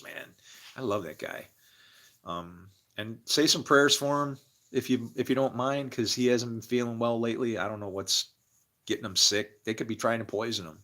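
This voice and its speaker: A man on a livestream, preaching in a rambling religious monologue, swinging from murmurs to loud bursts and laughing between phrases. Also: medium pitch.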